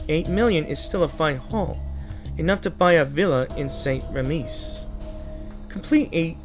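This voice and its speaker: A man reading the lines of a composed, calculating woman in a game story in a calm, measured voice. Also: a little high, lightly acted.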